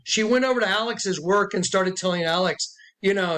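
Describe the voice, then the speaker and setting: A man's voice: high voice, moderate pace, a bit bright. A man, a self-described prophet, telling an emotional story to followers sitting with him indoors, acting out the voices he quotes. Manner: emphatic, acts out quoted voices. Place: indoors with listeners present.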